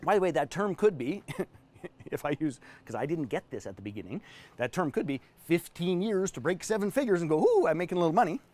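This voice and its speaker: Lively man coaching entrepreneurs. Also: fairly high pitch, brisk. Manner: animated, emphatic, storytelling. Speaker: business coach. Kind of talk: live-stream teaching at a whiteboard.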